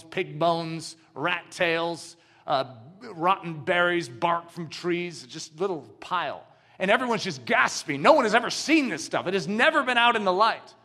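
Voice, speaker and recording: A preacher tells a sermon story with great drama and asks his listeners questions along the way. His voice is high and bright, and it swings widely in pitch. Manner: animated, dramatic storyteller who poses questions to the audience. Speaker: pastor.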